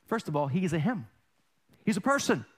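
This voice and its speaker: A male pastor preaching a sermon in a church, animated and conversational, acting out little family exchanges in quoted voices. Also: high-pitched, fairly quick, slightly rough. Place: church sanctuary.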